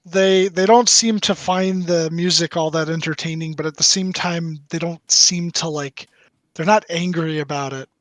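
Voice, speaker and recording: A man's voice: a little high, fairly even intonation, normal speed, dry recording, poor audio. A young man narrating as game master, rambling with many fillers.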